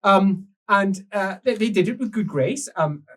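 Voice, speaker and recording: A husky man narrates an improvised tabletop role-play in character, rambling and giggling through fillers and restarts. His voice leaps up and down in pitch as he tells the tale. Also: lively intonation, measured pace, a bit bright. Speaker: player telling his character's story.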